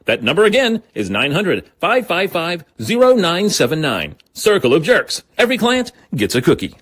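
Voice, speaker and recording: A man voicing a pushy junior lawyer pitchman in a parody TV ad, with a salesy announcer delivery. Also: wildly swooping pitch, moderate pace, fairly bright tone, exaggerated voice. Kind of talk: parody TV ad read.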